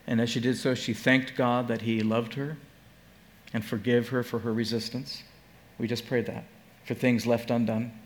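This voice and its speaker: A man's voice: mid-range voice, level tone. Earnest male pastor preaching. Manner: earnest storytelling with halting restarts. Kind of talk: sermon with story and closing prayer.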